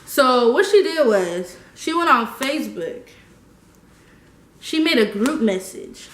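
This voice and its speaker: A young woman telling a story casually, animated and slangy, laughing often. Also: high voice, takes it slowly, roomy sound. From United States. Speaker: vlogger.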